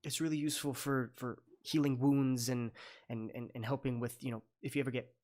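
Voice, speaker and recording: A man's voice: mid-range voice, flat delivery, fairly quick, a little mellow, lightly acted. A man voicing a shy, hummingbird-like female creature who stammers nervously.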